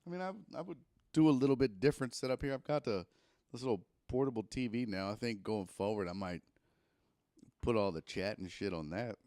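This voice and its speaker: A man's voice: fairly low pitch, a little fast, no room sound, studio quality. A man hosting a casual sports talk livestream, rambling and swearing freely into a microphone plugged into a camera. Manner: profane, animated rambling. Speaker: sports talk show host.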